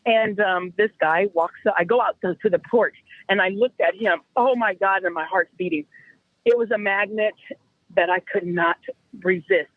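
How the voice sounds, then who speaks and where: Husky woman caller on a phone line. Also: medium pitch, moderate pace, no echo. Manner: animated, rambling storyteller. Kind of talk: call-in storytelling.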